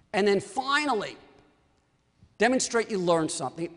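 A man, an orthodontist, telling a story to an audience and acting out the dialogue in a lively way. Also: sits high, normal speed, long reverb tail.

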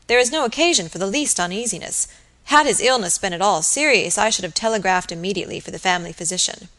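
A woman voicing a quiet, proper male village surgeon who speaks politely and formally. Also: mid-range voice, quick pace, close to an everyday voice.

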